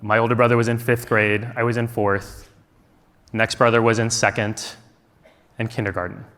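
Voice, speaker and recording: A man's voice: on the low side, level tone, moderate pace, a bit bright. A man from the United States telling a personal story on stage at a conference, earnest and reflective, with many rhetorical questions. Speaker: conference speaker. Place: large conference hall. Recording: long hall reverb.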